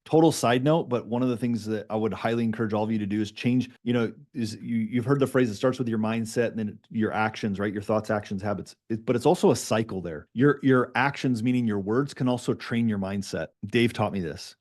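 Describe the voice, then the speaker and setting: Emphatic coach, mellow male voice. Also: fairly low pitch, fairly quick, hardly any pauses. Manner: emphatic, animated, repeats key points. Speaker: business coach. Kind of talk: coaching talk to a group.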